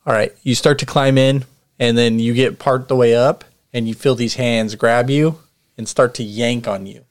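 A man narrating a tabletop game as dungeon master, in a casual, quick way with fillers. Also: mid-range voice, steady tone.

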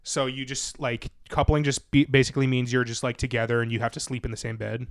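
A man's voice: medium pitch, fast talker, no room sound, studio quality. A young man hosting a casual chat, telling crude stories with lots of fillers and mocking voices. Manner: crude, animated storytelling with mocking put-on voices. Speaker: podcast host.

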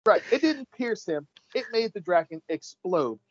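A man's voice: high voice, animated, moderate pace, no echo. A man co-hosting a casual chat, eagerly recapping a story, swearing freely and acting out the characters' lines. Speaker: podcast co-host recapping an episode. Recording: dull lo-fi dry sound.

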